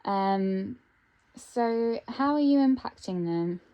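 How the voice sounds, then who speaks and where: A woman giving an intuitive tarot reading, thinking aloud with frequent pauses and ums. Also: medium pitch, expressive, muffled recording. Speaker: tarot reader.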